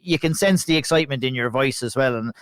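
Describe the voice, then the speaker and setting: A man's voice: mid-range voice, quick pace, fairly bright tone, smooth, no room sound. An Irish man hosting a podcast, asking long, earnest, rambling questions. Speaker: podcast host. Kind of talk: interview.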